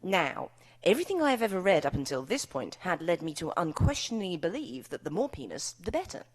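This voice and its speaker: British woman author with a low voice that swoops up and down, doing a wry, bawdy live reading. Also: big pitch swings, fairly quick. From United Kingdom. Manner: wry, bawdy comic delivery. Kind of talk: author talk and reading from her own novel. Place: live event before an audience.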